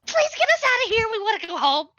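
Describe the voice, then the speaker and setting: A woman's voice: very high-pitched, big pitch swings, quick pace, sharp tone, dull audio, pitched above the performer's own voice, full character voice. A woman voicing a scared little kobold prisoner who stammers and begs to be freed in a tabletop game. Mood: scared pleading. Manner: stammering, frantic, pleading.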